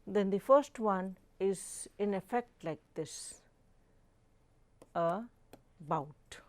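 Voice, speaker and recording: A woman professor with an Indian English accent teaches very slowly and carefully, at a middle pitch. She repeats each definition and leans hard on single words to show where the stress falls. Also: lively intonation, a little mellow. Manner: emphatic, stresses words to demonstrate pronunciation. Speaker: professor teaching a live online course. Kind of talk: slow, deliberate lecture with repeated definitions.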